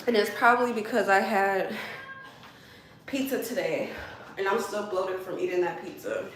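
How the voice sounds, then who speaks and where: A woman's voice: medium pitch, normal speed, distant mic. A woman chatting with viewers on a livestream while walking on a treadmill, laughing easily. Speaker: livestream host. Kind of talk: casual livestream chat. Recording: very echoey room, off-mic, noisy background.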